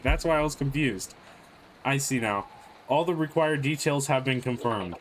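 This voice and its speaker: A man's voice: medium pitch, a little slow, slight background noise. A man playing a horror game, reading its on-screen text aloud and reacting with sudden startled outbursts. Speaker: gaming video creator. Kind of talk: let's play commentary.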